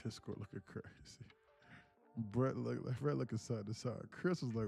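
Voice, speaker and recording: A man's voice: mid-range voice, normal speed, creaky, dark tone, faint music behind. Laid-back joking man on a livestream. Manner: joking, playful, slangy, often puts on a voice. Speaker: livestream trading host. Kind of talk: casual livestream chat.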